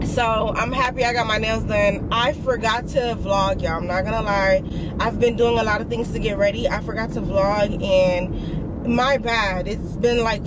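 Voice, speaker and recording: A young woman, chatting casually to her vlog camera, excitable and full of fillers. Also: medium pitch, heavy background noise. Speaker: vlogger.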